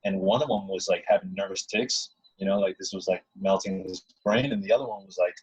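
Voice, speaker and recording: A man's voice: lowish voice, fairly even intonation, normal speed, darkish tone, slightly rough, no echo, dull audio. A man earnestly telling a personal story in a casual, rambling way, often restarting his sentences.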